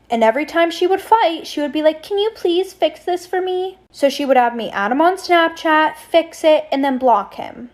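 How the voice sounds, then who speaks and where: A woman's voice: high voice, a little mellow. A young woman telling a storytime about a toxic friend, blunt and gossipy with swearing. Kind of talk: storytime monologue.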